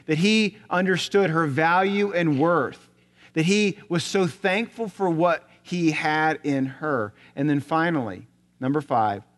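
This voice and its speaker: A male pastor preaching a sermon, telling a story and asking rhetorical questions, often dropping to a soft voice. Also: on the high side. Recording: long hall reverb.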